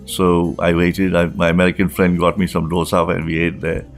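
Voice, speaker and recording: An older Indian man speaks in a fairly low voice as he recounts his past in an interview. He tells it with animation and acts out the old conversations. Faint guitar music plays quietly under him. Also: a little fast. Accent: Indian English. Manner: animated retelling, acting out remembered dialogue. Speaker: guest. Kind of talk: personal story told in an interview.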